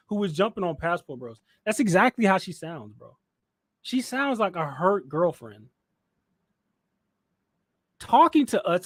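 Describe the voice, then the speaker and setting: A man's voice: high-pitched, dry recording, studio quality. A man hosting a reaction commentary, mocking and firing rhetorical questions. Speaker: commentary channel host.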